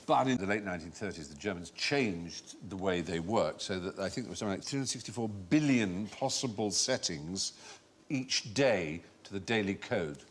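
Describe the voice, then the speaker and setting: Male panel-show host with a lively, sing-song delivery and faint background noise. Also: low voice, moderate pace. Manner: lively, wordy, playfully pompous. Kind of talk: panel show banter and explanation. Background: studio audience laughter.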